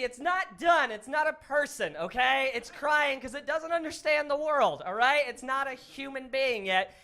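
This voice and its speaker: A man doing a stand-up comedy set, animated and often yelling in put-on voices. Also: very high-pitched. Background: audience in a club.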